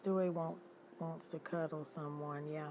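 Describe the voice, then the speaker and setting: Older woman host, chatty and animated, slightly low voice, faint background hiss. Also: normal speed. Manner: chatty, animated, laughs often and greets viewers by name. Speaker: livestream host. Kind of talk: casual chat with live viewers.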